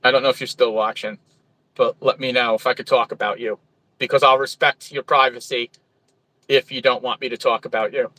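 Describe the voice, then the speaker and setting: Chatty New Jersey trucker, bright tense voice. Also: male voice, medium pitch, level tone, brisk, dry recording, low-quality recording. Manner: chatty, friendly, greets viewers by name. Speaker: truck driver livestreamer. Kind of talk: casual livestream chat reading viewer comments. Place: truck stop.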